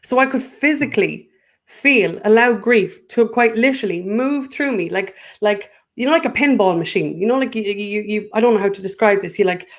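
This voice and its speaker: A woman's voice: medium pitch, moderate pace. A woman talking in a casual podcast conversation, circling for words with many fillers and restarts. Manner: searching for words, repeats fillers, vivid comparisons. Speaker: guest.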